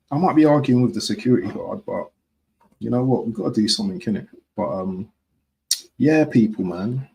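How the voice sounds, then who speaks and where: A man's voice: medium pitch, animated, moderate pace, vocal fry, a little mellow, low-quality recording. A man from talking casually to his viewers on a live stream, repeating himself and often asking "yeah?". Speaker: football fan streamer.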